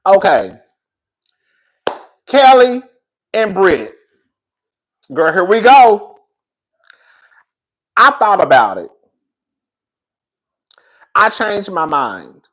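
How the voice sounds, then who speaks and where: A man's voice: high voice, wildly swooping pitch, extremely slow, long pauses, a bit bright. A man giving a casual, opinionated review of a reality show, sassy and blunt, calling his viewers girl and baby. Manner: blunt, swears freely. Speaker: reality TV commentator.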